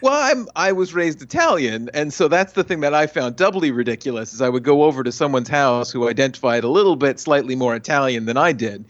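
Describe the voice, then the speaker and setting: A man's voice: medium pitch, a little fast, few pauses, no echo. Rambling man on a dull dry mic. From United States. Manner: animated storyteller, rambling asides. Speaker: podcast guest. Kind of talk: casual podcast chat.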